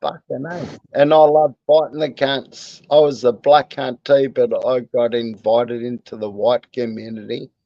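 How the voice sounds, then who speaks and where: Slow-talking Australian man, crude banter. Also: mid-range voice, level tone, dry recording, highs cut off. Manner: crude, joking, profane banter. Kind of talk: casual chat.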